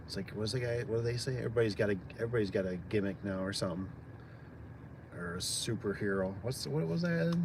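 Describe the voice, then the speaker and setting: A man's voice: fairly low pitch, background noise. Chatty rambling man outdoors. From Michigan, USA. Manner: rambling, friendly, many fillers. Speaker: small business owner live-streaming. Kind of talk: casual live-stream chat.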